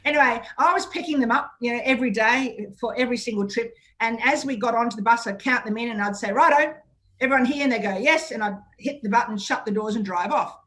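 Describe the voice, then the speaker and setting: A woman with an Australian accent hosting a radio talk show, telling stories in a chatty, frank and lively way. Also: fairly high pitch, fast, few pauses. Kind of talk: casual radio interview.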